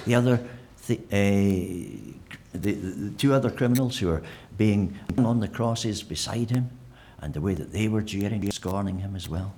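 A low-voiced preacher talks his congregation through the sermon. He wanders in his phrasing, circling back with fillers and repeats. A faint hum of the church room sits under his voice. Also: moderate pace, darkish tone. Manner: conversational, with frequent fillers and restarts.

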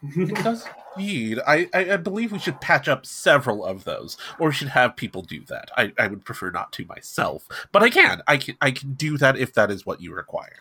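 A man's voice: medium pitch, very animated, fairly quick, hardly any pauses, bright, forceful tone, slightly rough, heavily acted. A man voicing a fussy, formal young man who stammers and speaks in prim, eager phrases.

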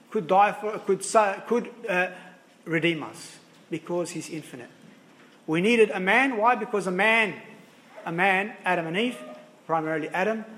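A man with a notably high-pitched voice preaches a sermon as a priest. He speaks earnestly, asking rhetorical questions and often restarting his sentences as he builds a point. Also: a bit bright.

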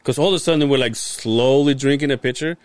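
A man's voice: mid-range voice, quick pace, clear, resonant tone, no echo. A young man on a podcast, telling a casual story and acting out the lines of the people in it with a lot of swearing. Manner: animated, swears freely, acts out quoted lines. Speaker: podcast host.

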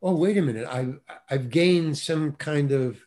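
A man, an actor, telling a casual anecdote animatedly, restarting phrases and punching lines with quick interjections. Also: a little high, a little mellow. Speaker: actor guest telling a story.

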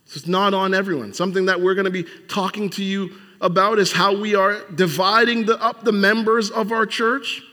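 High-voiced man preaching in a reverberant hall. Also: level tone, fairly quick, hardly any pauses, bright, forceful tone. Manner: conversational preaching with repeated restarts and emphatic rhetorical questions. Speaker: pastor. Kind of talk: sermon.

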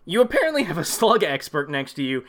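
A man's voice: on the high side, very animated, fast, fairly bright tone. A man hosting a podcast, riffing sarcastically on a movie in a rambling, profane way. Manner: sarcastic, rambling, swears freely. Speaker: podcast host.

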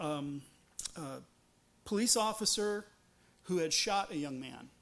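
A man delivers a sermon in a notably high voice. He talks to the congregation conversationally and earnestly, restarts his phrases often, and leans on rhetorical questions. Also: fairly bright tone. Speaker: pastor.

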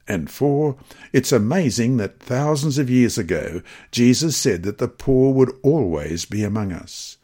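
A man reading scripture passages, study questions and a mission story aloud in a measured, expressive manner. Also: mid-range voice. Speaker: devotional reader.

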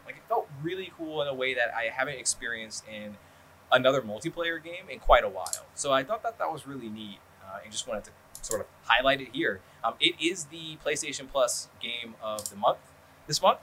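A man hosts a podcast in loose, rambling chat, swearing freely and leaning on fillers. His voice is bright and forward, at a middling pitch. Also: a little hiss or hum. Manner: rambling, profane, lots of fillers. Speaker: podcast host. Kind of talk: casual chat.

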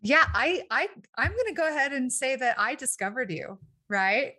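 A woman hosting a podcast, telling stories in an animated, enthusiastic way. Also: high voice, moderate pace. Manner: enthusiastic, animated storyteller, laughs often. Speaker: podcast host. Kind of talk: casual interview conversation.

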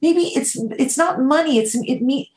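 A woman guest on an interview, telling animated, emphatic stories and swearing casually. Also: sits high, moderate pace, roomy sound, a little hiss or hum. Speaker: guest, dessert baker.

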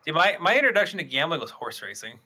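Bright-voiced rambling man storyteller. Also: fairly high pitch, very animated, fast talker. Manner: rambling storyteller, frequent restarts and swearing. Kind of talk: casual podcast chat.

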